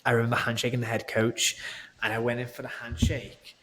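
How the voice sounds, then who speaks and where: A man's voice: medium pitch, monotone, fairly quick, a bit bright. A man talking as a guest online coach in a casual podcast chat, rambling with lots of fillers and restarts and swearing freely.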